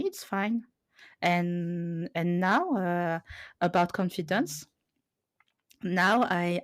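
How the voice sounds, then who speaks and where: A woman talks casually on a podcast in a fairly low voice, often stopping to hunt for a word and correct herself. The sound is dry and close, with no room around it. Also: no room sound. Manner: hesitant, searching for words, frequent self-corrections.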